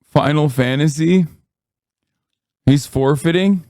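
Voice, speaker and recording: A man's voice: a little high, slow pace, warm tone, dry recording, clean studio sound. A man streaming, commenting casually on a clip in a mocking tone and laughing often.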